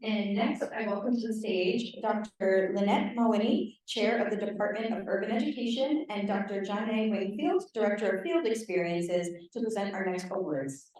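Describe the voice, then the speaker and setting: A woman's voice: medium pitch, moderate pace, few pauses, a little mellow. A woman acting as master of ceremonies formally welcomes the next presenters to the stage. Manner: formal announcing. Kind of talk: introducing presenters. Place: large banquet hall. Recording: very echoey hall, mic far off.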